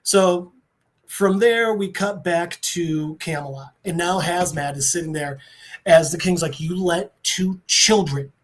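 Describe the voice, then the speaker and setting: A man on a podcast, recapping a comic book story with excitement and swearing, briefly voicing the characters. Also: on the high side, measured pace. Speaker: podcast co-host.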